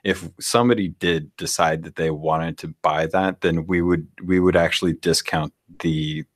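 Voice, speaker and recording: A man co-hosting a podcast, telling stories in a rambling, halting way. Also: deep voice, steady tone. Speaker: podcast co-host. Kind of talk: casual podcast storytelling.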